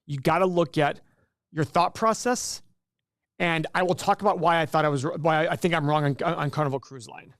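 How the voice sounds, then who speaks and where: A man's voice: a little high, normal speed, fairly bright tone, no room sound, studio quality. Chatty joking male livestream host. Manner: chatty, jokey, self-interrupting. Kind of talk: casual livestream chat.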